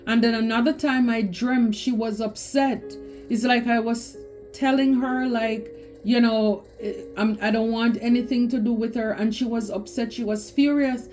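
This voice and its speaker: A woman's voice: on the high side, fairly even intonation, moderate pace, darkish tone, soft background music. A woman giving a spiritual tarot reading, talking emphatically and repeating phrases for stress. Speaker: tarot reader.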